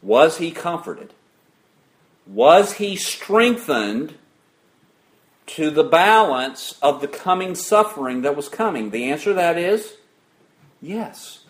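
A man preaching a sermon in a high, lively voice that climbs and falls sharply. He talks slowly, putting questions to the congregation and answering them himself. He reads scripture aloud with rising emphasis.

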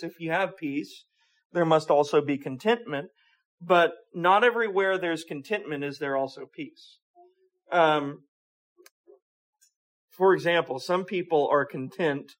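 Man preaching a conversational sermon. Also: high-pitched. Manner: conversational preaching with rhetorical questions and repeated words.

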